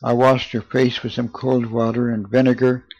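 A man giving an earnest, measured, solemn reading of a first-person memoir. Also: medium pitch, little pitch movement, vocal fry, darkish tone. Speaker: narrator. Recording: dull lo-fi, dry.

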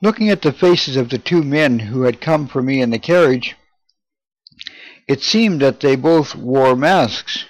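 A man reads a memoir aloud in a steady, measured narration, easing his pace over names and dates. His voice sits at an ordinary middle pitch, recorded close and dry with no room around it. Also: dry recording, rough recording. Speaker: audiobook reader. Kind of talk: scripted narration.

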